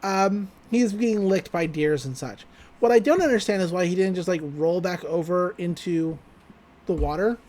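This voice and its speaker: A podcast host casually recapping a cartoon episode, animated and laughing often. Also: mid-range voice, normal speed.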